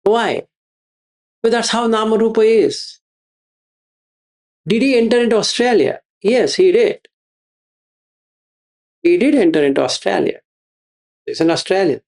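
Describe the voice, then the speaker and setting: A man's voice: high-pitched, measured pace, vocal fry, long pauses, darkish tone. A man giving a Buddhist teaching, repeating his phrases and asking rhetorical questions. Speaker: meditation teacher.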